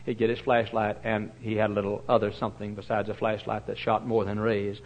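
A male pastor preaching a storytelling sermon, folksy and animated, with many fillers and sudden loud bursts. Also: fairly low pitch, quick pace, few pauses, muffled recording.

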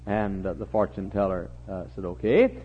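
Folksy preacher man with a lively, husky voice. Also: on the high side, normal speed, dull audio. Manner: folksy storyteller with humorous asides, acts out voices. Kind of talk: sermon.

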